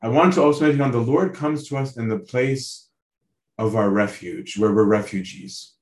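A priest preaches on a Bible passage, speaking earnestly and conversationally, asking his listeners direct questions and tagging lines with "right?" to check in. His pitch is an ordinary middle and his speed normal. A noticeable roomy echo fills the recording.

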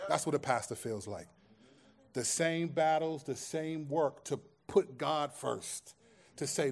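A man's voice: on the high side, slow, creaky. A man preaching a sermon as pastor, in a conversational way that acts out everyday scenes and quoted voices.

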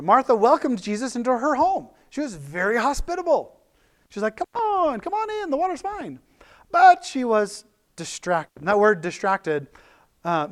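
A high-pitched male pastor gives a casual, conversational sermon. He's animated, restarting often and leaning on fillers.

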